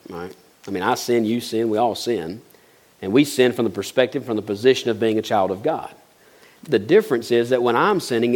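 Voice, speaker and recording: A man preaching a sermon in a conversational way, often checking in with his listeners and acting out short quoted lines, then praying softly. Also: mid-range voice. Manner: conversational preaching, keeps asking "right?"; acts out quoted voices, drops soft into prayer. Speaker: pastor.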